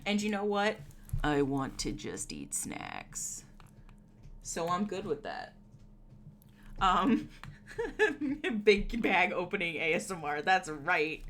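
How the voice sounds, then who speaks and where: A woman's voice: mid-range voice, very animated, takes it slowly, a bit bright. A woman streaming from home, chatting casually with her viewers, giggling often and rambling through lots of fillers. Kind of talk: casual live-stream chat.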